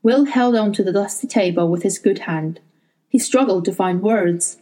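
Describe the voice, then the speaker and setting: A woman reading a novel aloud in a steady, measured storytelling voice. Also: mid-range voice, rough recording. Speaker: audiobook narrator.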